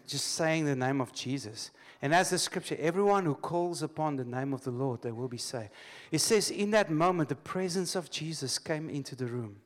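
Male preacher with a higher-pitched voice. He leads call-and-response and tells stories loosely. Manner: lively call-and-response, laughs often; storytelling, loose restarts. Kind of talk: sermon. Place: church congregation.

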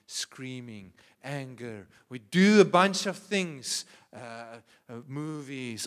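A male pastor with a South African accent preaching a sermon, swinging from hushed, prayerful tones to loud, passionate cries. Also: medium pitch, long reverb tail.

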